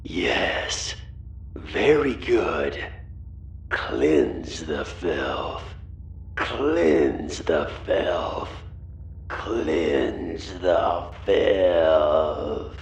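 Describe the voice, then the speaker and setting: A man voicing a sinister male voice over a school intercom, giving slow, menacing commands. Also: rumbling low, roomy sound, distant mic, pitched below the performer's own voice, full character voice.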